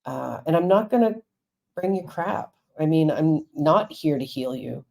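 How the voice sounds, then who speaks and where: A woman's voice: deep voice, lively intonation, a little slow, creaky, darkish tone. A woman, a counselor and Reiki teacher, talking frankly and reassuringly to viewers in a live stream.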